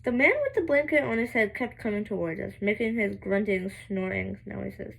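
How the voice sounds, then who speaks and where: A young woman reading a novel aloud, halting and restarting words, with giggling asides. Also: mid-range voice, vocal fry, breathy edge, rough recording. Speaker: amateur reader.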